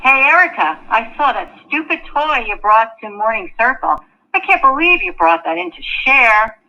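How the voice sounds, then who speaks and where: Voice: high-pitched, expressive, normal speed, creaky, sharp tone, muffled recording, soft background music, full character voice. A woman playing a bossy mean girl who bullies a classmate, mocking and taunting in a school skit.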